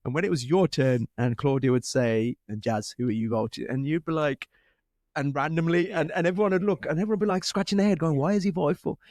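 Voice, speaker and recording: A man's voice: on the high side, fast talker, a little mellow, dry recording, clean studio sound. A British man hosting a podcast, chatting with enthusiasm, laughing often and acting out quotes. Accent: British English. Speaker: podcast host. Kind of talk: casual interview chat.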